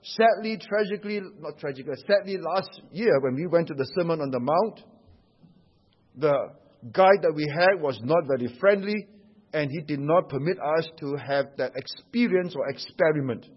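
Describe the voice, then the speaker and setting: A man preaches an emphatic sermon in a high, slightly husky voice. He explains scripture line by line and keeps asking rhetorical questions. The recording sounds dull and lo-fi. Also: moderate pace.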